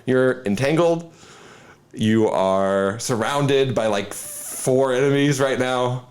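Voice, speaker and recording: A man as dungeon master, narrating combat and calling for rolls in a lively, laughing way. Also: mid-range voice, takes it slowly. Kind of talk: running a tabletop game.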